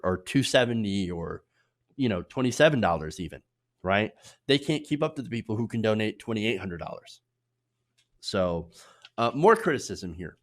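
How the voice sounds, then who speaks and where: A man delivering opinionated political commentary with a biting, sarcastic edge. He talks loosely, with fillers and restarts, and his pitch swings widely, jumping up high whenever he mocks someone. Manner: sarcastic, mocking put-on voices for quotes.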